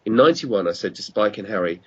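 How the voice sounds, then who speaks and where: Low husky man telling rambling stories. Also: animated, fast talker, lo-fi sound. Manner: rambling, self-correcting, apologetic. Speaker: guest, radio producer. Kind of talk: casual storytelling over a call.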